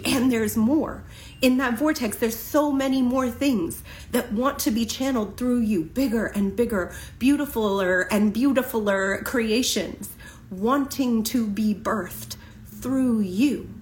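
A woman with a slightly high voice delivers a spiritual tarot reading to a general audience. She speaks with passion and emphasis, and she leans on slow, deliberate pauses to drive each point home. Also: reverberant, slight background noise, rough recording. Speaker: tarot reader.

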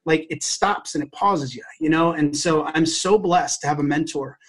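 A man, an educator, telling a personal story to a podcast host in an earnest, heartfelt way, often halting and restarting his sentences. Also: a little high, a bit bright, slightly rough. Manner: acts out quoted dialogue.

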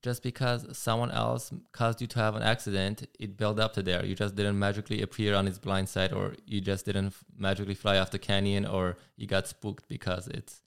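A man's voice: lowish voice, monotone, a little fast, gravelly, hardly any pauses, clean tone. A man who rides motorcycles, a guest talking casually and thoughtfully, often restarting his sentences. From California. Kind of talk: casual interview talk.

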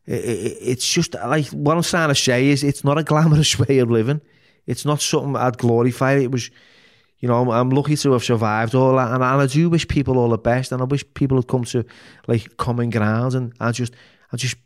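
Man, Liverpool accent, podcast guest, candid storytelling, swears a lot, halting restarts, mid-pitched. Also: steady tone. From Liverpool, England. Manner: frank and emotional, heavy swearing, many restarts.

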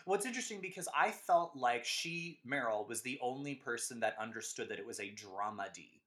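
A man's voice: mid-range voice, animated, fairly quick, a bit bright. A man hosting a podcast, chatting casually about films, emphatic and often laughing. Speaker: podcast host. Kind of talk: casual film chat.

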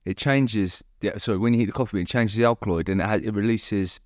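A man's voice: lowish voice, fast, a little mellow, no echo, clean studio sound. A man, a fighter guest on a podcast, talking in a rambling, jokey, self-deprecating way. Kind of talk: casual chat.

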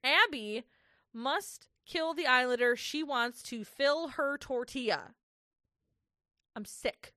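A woman's voice: high voice, expressive, slow pace, bright, forceful tone, no echo, studio quality. A woman co-hosting a casual recap podcast, ranting, swearing and laughing as she goes. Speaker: podcast co-host.

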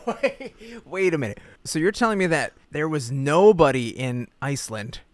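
A man's voice: on the high side, lively intonation, moderate pace. A young man co-hosting a podcast, chatting casually and reading posts aloud in a playful way. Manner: playful, reads posts aloud, laughs often. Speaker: podcast co-host. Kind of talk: casual chat.

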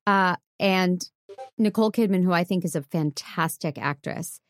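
A woman's voice: on the low side, moderate pace, no room sound, clean studio sound. A woman co-hosting a film podcast, giving wry, teasing opinions in casual talk. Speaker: podcast co-host. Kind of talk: casual chat.

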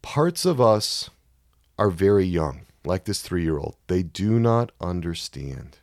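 A man giving a sermon-style Bible teaching, emphatic and measured, reading scripture and explaining it. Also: low-pitched, big pitch swings, a little mellow, no room sound, clean studio sound. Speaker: Christian teacher.

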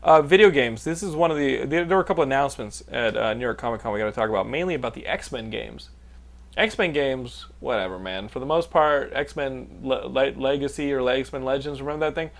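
A man in his thirties from Texas hosting a podcast, telling stories in a loose, animated way, swearing freely and laughing often. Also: mid-range voice, fairly quick, gravelly. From Austin, Texas. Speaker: podcast host. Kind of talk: casual profane storytelling chat.

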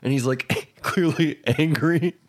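A man's voice: on the high side, takes it slowly. A man hosting a podcast, animatedly retelling movie scenes in casual chat and laughing often. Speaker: podcast host.

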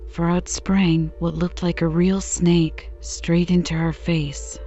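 Slow, soothing woman reading a bedtime story. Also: lowish voice, soft background music. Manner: calm, soothing, unhurried. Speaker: podcast narrator. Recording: slightly dull recording.

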